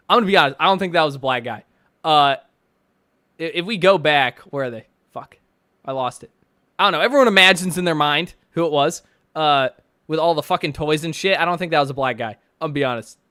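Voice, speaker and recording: A man's voice: on the high side, fairly quick, sharp tone, dry recording, clean studio sound. A man streaming live, reading chat and posts aloud with profane, mocking, ranting commentary. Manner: reads chat and posts aloud with sarcastic asides.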